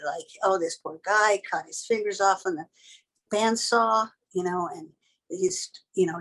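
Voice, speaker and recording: A woman's voice: medium pitch, breathy edge, rough recording. An older woman, a tattoo artist, telling a vivid story in a blunt, casual and sometimes profane way.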